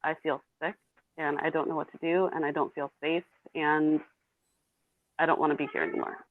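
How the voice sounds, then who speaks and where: A woman's voice: deep voice, little pitch movement, fairly quick, dry recording. A woman in her thirties, a guest telling her own painful story candidly and bluntly. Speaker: interview guest. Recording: tinny phone-like call audio.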